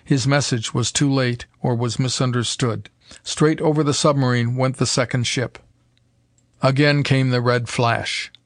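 Man, audiobook narrator, steady measured reading, middle pitch, dry close sound. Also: no echo. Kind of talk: scripted narration.

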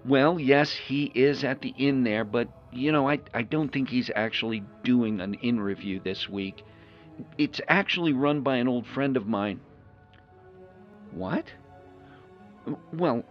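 A man voicing a timid, flustered host on a trip, who stammers nervously. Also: medium pitch. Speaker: show host. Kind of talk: one-sided audio role-play. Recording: lo-fi recording with faint music.

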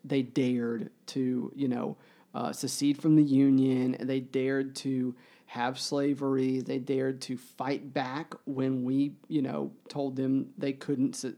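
A man in an earnest book discussion, talking in halting bursts full of fillers and restarts. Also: medium pitch, mellow. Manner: grows emotional while reading aloud.

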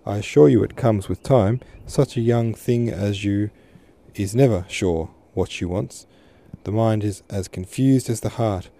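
A man reads as a composed mother who speaks gently and evenly. The voice stays low and dark, with a mellow warmth. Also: vocal fry. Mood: soothing. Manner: soothing, measured.

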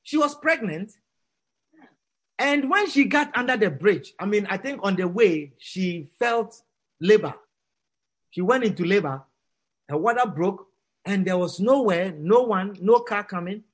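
A male preacher with a high voice tells a story to his congregation. His pitch swings widely as he acts out the characters. He moves from hushed tones to near-shouts. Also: animated, measured pace, long pauses, husky.

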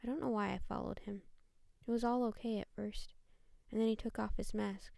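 A woman voicing a bitter, angry teenage girl who smokes, speaking bluntly in a gravelly voice. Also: mid-range voice, fairly even intonation, brisk, mellow, no echo, studio quality.

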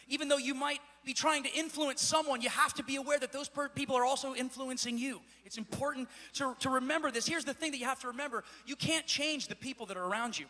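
A man pastor preaching a sermon in a church, with a repetitive, building cadence that rises to shouts. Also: extremely high pitch. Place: church sanctuary. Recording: echoey church hall.

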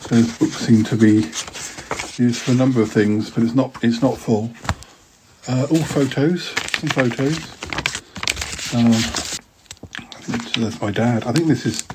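A man's voice: mid-range voice, fairly even intonation, measured pace, pauses often, noisy background. A middle-aged man hosting a podcast alone, rambling through old keepsakes with self-deprecating asides. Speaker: podcast host. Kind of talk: casual solo chat, reading old writing aloud.

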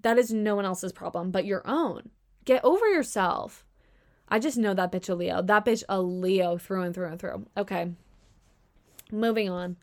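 A woman's voice: medium pitch, moderate pace, a little mellow. Sarcastic Southern-accented woman vlogger. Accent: Southern American. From Southern Virginia. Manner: sarcastic, chatty, swears freely. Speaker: vlogger reading customer stories. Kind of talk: casual commentary reading stories.

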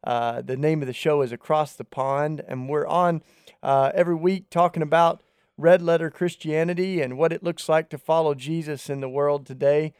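A man's voice: fairly high pitch, steady tone, normal speed, darkish tone, clear, resonant tone, no echo, clean studio sound. A man co-hosting a podcast, talking earnestly and conversationally in a casual faith discussion. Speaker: podcast co-host.

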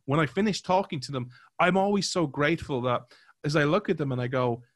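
A man's voice: on the high side, a little fast, no echo. Guy on a podcast rambling thoughtfully, lots of you-knows, dry close sound. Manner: animated, acts out quoted voices, many fillers. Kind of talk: casual conversational commentary.

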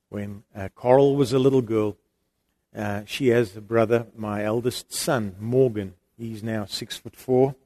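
A middle-aged man preaching, telling a family story in an animated way that swings from loud emphasis to quiet, intimate moments. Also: mid-range voice. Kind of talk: sermon storytelling.

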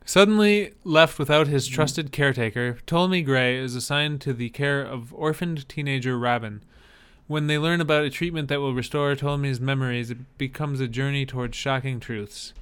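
Podcast co-host, man, smooth clear voice, speculative banter. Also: mid-range voice, normal speed, fairly bright tone. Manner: joking, speculative. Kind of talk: casual chat.

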